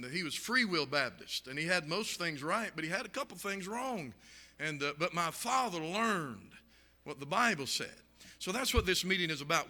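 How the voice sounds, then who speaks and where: A man's voice: a little high, bright, forceful tone, big-room sound. A man speaking fervently at a church meeting, emphatic and full of "and, uh" fillers. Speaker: guest preacher. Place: church sanctuary.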